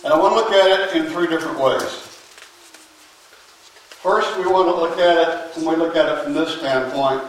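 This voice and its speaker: Emphatic preacher in an echoey church. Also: male voice, a little high, animated, a little hiss or hum. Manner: emphatic, with long pauses and sudden drops to a quiet voice. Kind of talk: sermon. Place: church sanctuary. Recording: very echoey church, mic at a distance.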